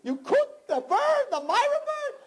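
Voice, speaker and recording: A man's voice: extremely high pitch, very animated, a little slow, a little hiss or hum, voice pushed up, full character voice. A man voicing a rich duke in a told folk joke, laughing in disbelief. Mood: incredulous. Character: rich old-world male duke, amused.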